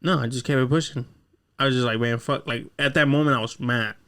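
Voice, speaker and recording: A man's voice: medium pitch, fast talker, fairly bright tone. A young man co-hosting a podcast, telling stories from his childhood in a laid-back, casual way, swearing freely and acting out what people said. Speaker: podcast co-host. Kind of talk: casual chat, storytelling.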